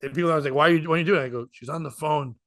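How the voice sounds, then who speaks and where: A man's voice: fairly high pitch, racing, no echo, clean studio sound. A man who hosts a podcast and works as a comedian, telling stories in casual chat and acting out the voices of people he quotes. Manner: animated, acts out quoted voices.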